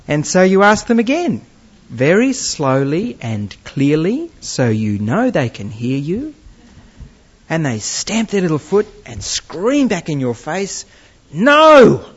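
Man preaching, animated and fairly high-pitched, dull lo-fi recording. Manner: lively storytelling with gentle humour. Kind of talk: sermon.

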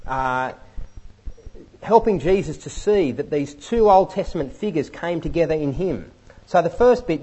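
Animated husky male preacher. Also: a little high, low-quality recording. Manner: animated, conversational, self-correcting. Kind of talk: sermon.

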